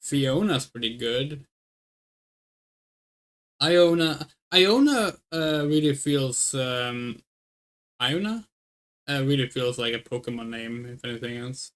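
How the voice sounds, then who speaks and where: A woman with a rumbling low voice talks through a game at a measured pace, chatting casually with her audience. Thinking aloud and rambling over her choices, she speaks of herself as "we."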